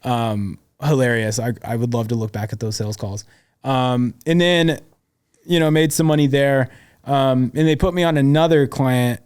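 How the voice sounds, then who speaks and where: A man's voice: medium pitch, normal speed, darkish tone, smooth. A young adult man, a podcast guest, tells his sales career story in a casual, slangy way with plenty of swearing. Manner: slangy and profane, full of "dude" and "like".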